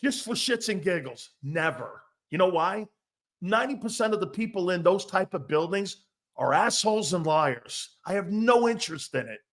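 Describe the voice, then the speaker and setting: A man's voice: sits high, animated, moderate pace, a bit bright. A middle-aged man hosting a casual sports talk show, brash and profane, laughing often as he riffs and reads viewer comments.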